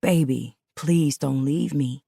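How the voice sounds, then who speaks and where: A woman reading an audiobook puts on a streetwise young man, begging and coaxing in a low, intimate tone. Her own deep voice carries him with little change, close and dry. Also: slow pace, vocal fry, mellow, husky, no echo, exaggerated voice. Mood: pleading. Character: pleading young man, smooth-talking boyfriend. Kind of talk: audiobook dialogue.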